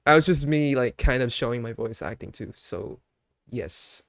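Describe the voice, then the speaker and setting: A man's voice: mid-range voice, lively intonation, moderate pace, vocal fry, fairly bright tone, no room sound. A young man chatting casually on his live stream, ranting with mock anger at his chat, then laughing and apologizing.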